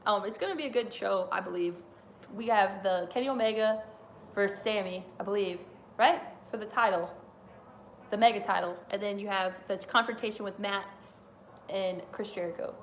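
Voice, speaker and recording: A woman's voice: mid-range voice, moderate pace, slight background noise. A woman hosting a casual wrestling watch-along, chatting in a rambling way and laughing often. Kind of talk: casual live reaction chat.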